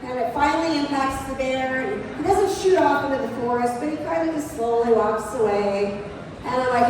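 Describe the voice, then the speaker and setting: A woman presenting at an outdoor show, telling a comic story to a live audience in an animated, chatty way. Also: high voice, moderate pace. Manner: animated, chatty, lots of "like" and "you know". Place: large exhibition hall. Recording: echoey hall from far off, noisy background.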